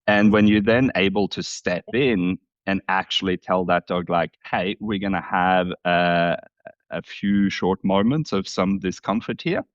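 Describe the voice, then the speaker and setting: Man, very low voice, easygoing podcast host, dry and dull-sounding recording. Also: a little slow, dry recording. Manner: easygoing, laughs along, swears casually. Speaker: podcast host, dog trainer. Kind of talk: casual podcast chat.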